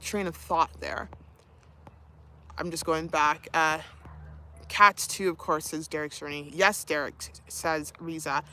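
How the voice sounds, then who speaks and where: A woman's voice: sits low, steady tone, measured pace, long pauses, pushed and bright. A young woman streaming live, chatting casually, reading viewer comments, laughing often and cooing to her dog. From Canada.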